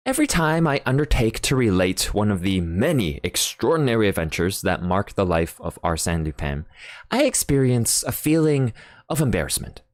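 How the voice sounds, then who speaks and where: A woman narrating an audiobook in an expressive, theatrical reading style. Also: a bass voice, no echo, clean studio sound.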